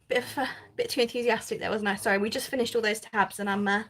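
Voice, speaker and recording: A woman's voice: a little high, fairly even intonation, fast talker, a bit bright, a little hiss or hum. A woman hosting a live crafting stream, chatting casually, reading viewer comments and laughing often. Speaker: craft channel host.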